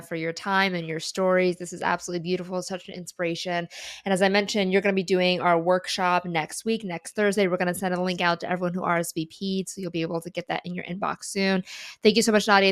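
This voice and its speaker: A woman's voice: on the low side, a bit bright, dry recording, clean studio sound. A woman hosting a livestream who closes the interview with polite thanks to her guest and the audience. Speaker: livestream host. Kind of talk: interview sign-off.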